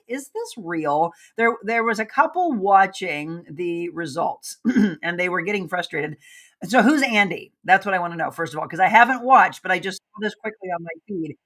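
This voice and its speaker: A woman's voice: medium pitch, fairly bright tone. A woman hosting a live show, chatting casually and upbeat while reading viewer comments aloud and talking straight to her audience. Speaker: livestream host.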